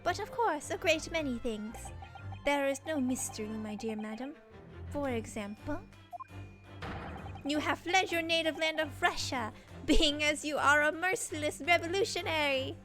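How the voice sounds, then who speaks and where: A woman puts on a pompous British gentleman detective, all lofty airs and grand pronouncements. The voice sits high and swoops about, taking its time. Game music plays behind. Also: expressive, normal speed. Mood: grandiose. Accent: put-on British. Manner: grandiose, theatrical deductions.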